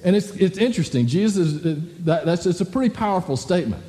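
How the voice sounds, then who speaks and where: Man, pastor, conversational sermon, rhetorical questions, warm dark tone. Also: sits high, lively intonation, quick pace, long reverb tail. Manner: conversational, full of rhetorical "right?" asides. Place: church hall with a congregation.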